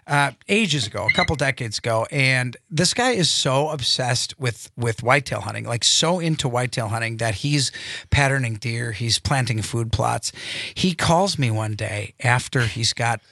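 A man hosting a radio talk show, telling stories in a lively, animated way. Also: mid-range voice, normal speed, creaky, dry recording, clean studio sound. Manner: animated storyteller, acts out voices.

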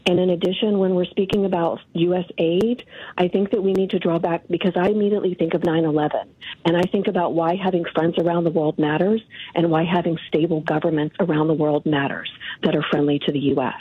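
A woman calling in to a radio show, giving her opinions in a deliberate, measured way. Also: lowish voice, steady tone, husky, dry recording. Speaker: caller. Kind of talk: radio call-in. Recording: muffled phone line.

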